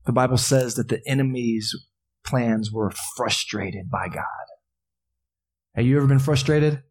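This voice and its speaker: A man's voice: medium pitch, measured pace, husky. Man, pastor, sermon, earnest, impassioned emphasis. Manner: drops to soft, quiet prayer.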